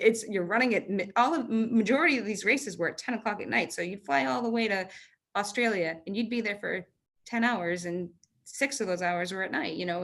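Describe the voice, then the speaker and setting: A woman in her thirties, a marathon runner, telling stories in an interview on a video call, animated, with quick restarts and fillers. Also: medium pitch. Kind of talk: conversational interview storytelling.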